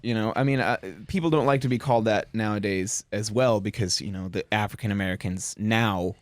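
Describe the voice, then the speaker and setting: A man's voice: fairly low pitch, a little fast, dry recording. A young man in a casual radio panel chat, musing aloud and restarting his sentences often.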